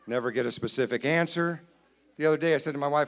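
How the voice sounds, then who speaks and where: A man doing a stand-up comedy set in a church, playfully acting out both sides of conversations with loud put-on voices. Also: fairly high pitch, quick pace, some chatter behind. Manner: playful, jumps to loud acted voices for his wife and himself. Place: church sanctuary, live audience.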